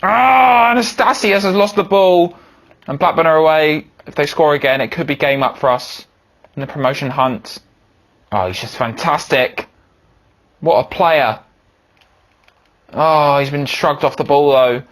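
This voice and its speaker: Young man, gaming host, self-commentates football matches, dropping to mutters and leaping up to shouts. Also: a little slow, pauses often. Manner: swings from low muttering to high shouting. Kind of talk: excitable football game commentary.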